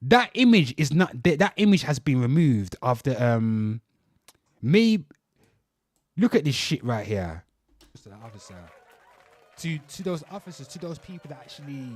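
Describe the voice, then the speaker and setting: A young man hosting a reaction commentary show, ranting heatedly and swearing while talking straight to his viewers. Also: a little high. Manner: heated, swearing, repeatedly addressing "people".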